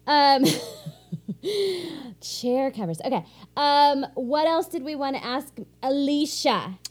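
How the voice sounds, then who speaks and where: A woman's voice: high-pitched, lively intonation, takes it slowly. A woman chatting casually on a podcast, musing and laughing easily. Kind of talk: casual chat.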